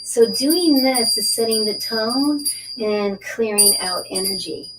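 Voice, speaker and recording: A middle-aged woman hosting an angel card reading live stream, talking in a gushing, halting way with repeated words, sometimes dropping to a breathy whisper while guiding breathing. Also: fairly high pitch. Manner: soft, breathy at times, drops to whispers during breathing guidance. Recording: slightly distant mic with faint background hiss.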